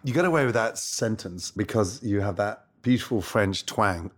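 A middle-aged Scottish man, a chef and guest, telling stories in a brash, swearing, animated way. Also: on the low side, fairly quick, hardly any pauses. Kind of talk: casual interview.

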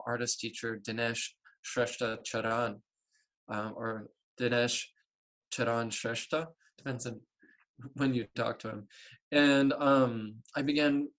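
Middle-aged male guest, lively storyteller, voices the dialogue he recounts, rises high when excited. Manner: animated storyteller, acts out dialogue with big pitch jumps. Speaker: guest, artist and spiritual practitioner. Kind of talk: storytelling interview talk.

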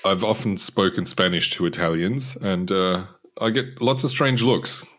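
A man's voice: low voice, a little slow, a bit bright. A man co-hosting a travel podcast, casual and wry, hesitating with fillers. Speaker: podcast co-host. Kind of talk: casual chat.

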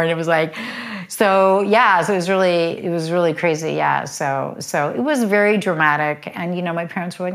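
A middle-aged woman telling her life story as an interview guest, chatty and quick, with lots of "like" fillers. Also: low voice, creaky. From United States. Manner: chatty, fast, full of "like" fillers. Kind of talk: candid personal storytelling.

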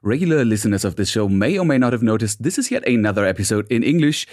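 A man's voice: fairly low pitch, lively intonation, fast talker, a little mellow, no echo, studio quality. A man hosting a gaming podcast, upbeat and chatty, often repeating words as he talks. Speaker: podcast host.

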